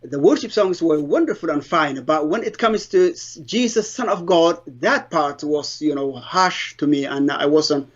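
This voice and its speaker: Middle-aged guy telling his testimony, slightly high voice, halting and earnest, dull lo-fi sound. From Somalia. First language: Somali. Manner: halting, earnest storytelling with broken English grammar. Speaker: interviewee giving a testimony. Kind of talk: personal conversion testimony.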